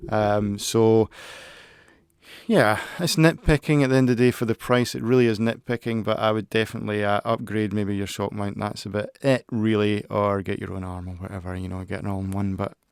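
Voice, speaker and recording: A man's voice: fairly low pitch, steady tone, brisk, gravelly, smooth, no room sound. A man giving a casual tech review into a close studio mic at his desk, rambling and hesitant, with many restarts. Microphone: close-up studio microphone.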